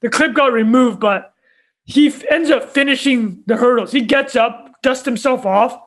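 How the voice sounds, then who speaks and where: A man's voice: extremely high pitch, normal speed, fairly bright tone. A young man co-hosting a podcast, telling a story in casual chat and laughing often as he goes. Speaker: podcast co-host.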